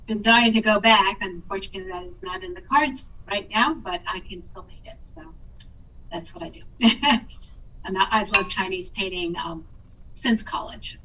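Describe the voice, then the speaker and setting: A woman's voice: mid-range voice, moderate pace, bright, forceful tone, breathy edge, far from the mic. A woman on a video call accepting an award, chatty and laughing easily. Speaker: award winner. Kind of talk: thank-you speech on a video call. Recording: dull lo-fi call audio from afar.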